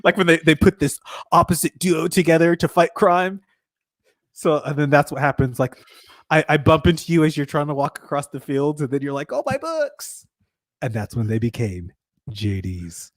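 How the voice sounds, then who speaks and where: A man's voice: a little high, steady tone, moderate pace, dry recording, studio quality. A man co-hosting a live show in casual, playful banter, joking and laughing often. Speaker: co-host.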